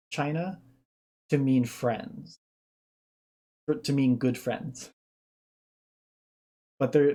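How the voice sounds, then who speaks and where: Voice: medium pitch, mellow. A streamer giving casual reaction commentary, thinking aloud and explaining ideas at length.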